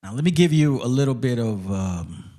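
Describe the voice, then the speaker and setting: A man's voice: medium pitch, expressive, normal speed, dark tone. A man hosting a class, giving lecture-style commentary, who calls his listeners friends and reads aloud from his notes. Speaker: host teaching a class.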